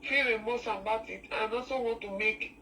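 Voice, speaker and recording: A woman's voice: fairly high pitch, steady tone, pushed and bright. A Nigerian woman calls in to a talk show, her voice sounding distant from the mic. She speaks with feeling and often stops and restarts her sentences. A faint noise runs under the call. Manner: emotional, halting, many restarts. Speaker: caller. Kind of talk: call-in discussion, mixing English and Pidgin.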